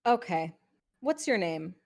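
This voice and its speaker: Woman playing a tabletop game, kinda halting, lowish voice. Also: big pitch swings, gravelly. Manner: hesitant, halting with fillers. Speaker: player.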